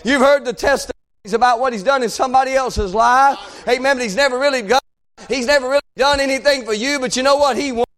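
A man preaching a fiery revival sermon, shouting and chanting in a drawn-out preacher cadence. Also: very high voice.

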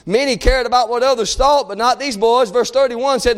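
A man preaching a sermon, swinging between shouted appeals and hushed passages. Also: very high voice, brisk.

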